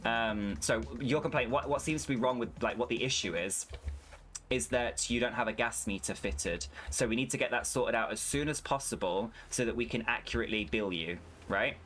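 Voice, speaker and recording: A man's voice: medium pitch, fairly quick, a bit bright. A young man streaming a farming game, chatting casually and swearing freely while he rants. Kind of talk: casual gameplay commentary.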